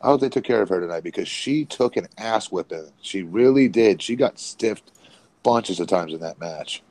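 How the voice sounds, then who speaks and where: Deep-voiced man in casual wrestling talk. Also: animated, moderate pace, a little mellow, low-quality recording. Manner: rambling, many restarts and fillers. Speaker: podcast co-host, former independent wrestler.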